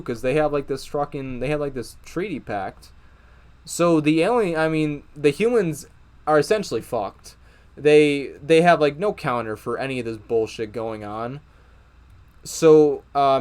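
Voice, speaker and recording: A man's voice: medium pitch, smooth. A young man giving a casual, profane, exasperated review of a TV episode, with many fillers and restarts. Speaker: TV show reviewer.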